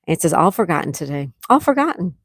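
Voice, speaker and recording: A middle-aged woman hosting a casual livestream, reading viewers' comments aloud and chatting back warmly. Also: lowish voice, big pitch swings, fast, gravelly, breathy edge, no room sound, clean studio sound. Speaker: livestream host reading chat. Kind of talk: casual live chat.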